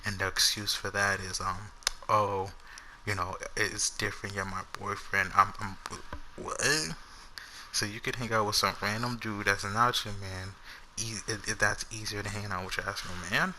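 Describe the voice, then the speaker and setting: A man's voice: fairly low pitch, steady tone, moderate pace, sharp tone, a little hiss or hum, rough recording. A young man and YouTuber telling an unscripted story to his viewers in a loose, slangy, rambling way. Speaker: gaming YouTuber.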